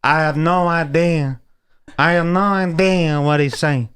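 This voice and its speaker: A man hosting a podcast in casual comedic chat, animated, swearing freely and mimicking the clips he plays. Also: fairly high pitch, unhurried, smooth. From United States. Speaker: podcast host.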